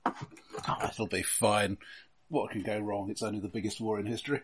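A man's voice: on the low side, little pitch movement, moderate pace, a crowd in the background, poor audio. A man running a tabletop game, chatty with dry humor, explaining rules helpfully. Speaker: game master. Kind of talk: casual tabletop game chat.

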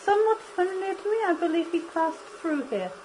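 A woman's voice: extremely high pitch, sing-song, brisk, a little mellow, slight background noise. A woman playing a nervous, evasive establishment keeper who stammers and hesitates.

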